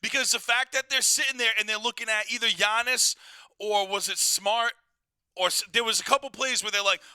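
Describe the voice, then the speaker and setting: A man's voice: sits high, steady tone, a little fast, pushed and bright, clean tone, dry recording. A man co-hosting a casual sports podcast, blunt and swearing, from the Boston area. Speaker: podcast co-host.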